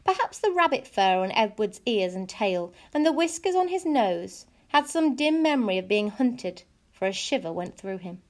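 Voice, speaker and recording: A woman narrating a children's audiobook in an expressive, measured storytelling voice. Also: medium pitch.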